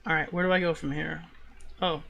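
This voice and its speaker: A man's voice: on the high side, fairly even intonation, brisk, vocal fry, bright, forceful tone, lo-fi sound. A man with a New York accent streaming a game live, chatting casually with viewers and swearing in frustrated outbursts at his gameplay. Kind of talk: live gaming stream chat.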